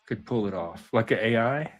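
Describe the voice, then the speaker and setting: A man's voice: on the low side, lively intonation, moderate pace. A middle-aged man hosting a casual panel chat, amused and self-deprecating. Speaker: panel host.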